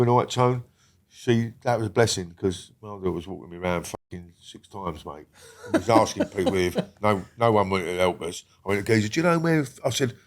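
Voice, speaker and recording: An older man, a guest on a podcast, talking bluntly with constant swearing and rambling restarts. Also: fairly low pitch. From England. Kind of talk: casual interview talk.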